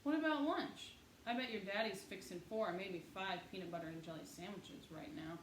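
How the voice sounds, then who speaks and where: A woman's voice: medium pitch, moderate pace, lightly acted. A woman voicing a pushy, nosy, chatty boy with a wheedling way of talking. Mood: needling. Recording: echoey room, faint hiss.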